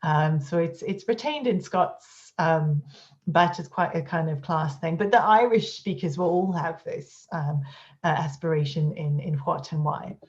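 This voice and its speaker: A woman's voice: deep voice, a little slow, darkish tone, highs cut off. A woman giving an academic conference talk, hesitant and full of fillers, over a video call. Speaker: conference speaker. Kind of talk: academic lecture.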